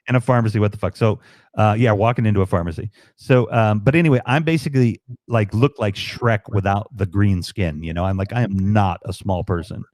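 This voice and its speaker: A man's voice: fairly low pitch, brisk, darkish tone, no echo, clean studio sound. A man from Chicago telling rambling, profane stories in a casual live-stream chat. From Chicago, USA.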